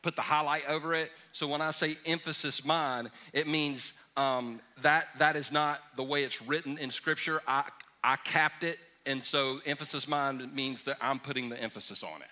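A man's voice: on the high side, steady tone, normal speed, pushed and bright. A man pastor leading a question and answer sermon in a church, talking casually with jokes and emphatic asides. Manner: conversational, joking, emphatic preaching. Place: church sanctuary.

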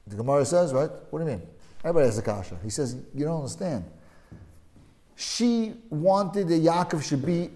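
A man leading a casual religious study discussion, telling stories in an emphatic, animated way, often repeating himself for stress. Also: a little high, brisk.

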